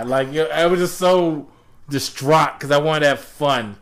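A man in his forties telling stories in casual chat, slightly high-pitched and very lively in his intonation. He acts out other people's voices as he goes. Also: moderate pace. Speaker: podcast co-host.

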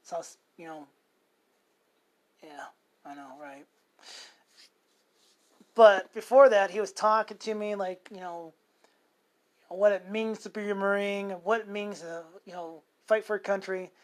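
A man's voice: sits high, unhurried, long pauses. A man co-hosting a podcast, telling a long personal story in casual chat, rambling and profane with many restarts. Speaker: podcast co-host.

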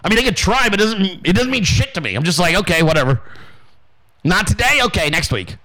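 Fast, pushed and bright, this man's voice sits high with big pitch swings, captured on a low-quality recording. He's a podcast host delivering a brash, profane motivational rant, swearing all the while and voicing the people he quotes.

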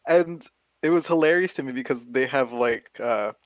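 A man's voice: medium pitch, normal speed, no room sound. A man telling a rambling story in casual chat, swearing a lot and laughing as he goes. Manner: profane, rambling, laughs as he talks.

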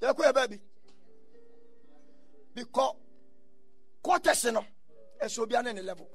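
A man preaching a sermon, telling stories and breaking into shouted bursts. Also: very high-pitched, lively intonation, moderate pace, soft background music. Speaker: pastor.

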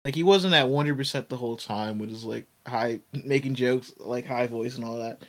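A man's voice: mid-range voice, normal speed. A man co-hosting a casual review podcast, talking in a loose, rambling way with heavy use of "like". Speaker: podcast co-host.

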